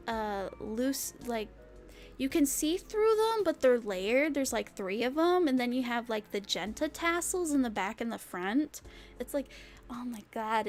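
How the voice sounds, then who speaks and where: Bubbly giggly young woman streamer. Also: fairly high pitch. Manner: bubbly, giggly, rambling with many "like"s. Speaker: vtuber streamer. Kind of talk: casual chat with chat readers.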